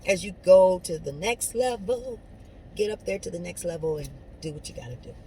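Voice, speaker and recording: A woman giving an inspirational talk straight to her viewers, preachy and conversational, swinging between soft asides and loud emphatic lines. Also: on the low side, expressive, normal speed, a little hiss or hum, low-quality recording. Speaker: motivational speaker. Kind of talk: inspirational monologue to camera.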